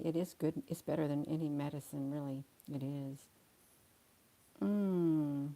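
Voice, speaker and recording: A middle-aged woman chatting slowly and soothingly with livestream viewers, calling them honey. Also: sits low, warm tone. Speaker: livestream host reading viewer comments. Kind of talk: slow casual chat to live viewers.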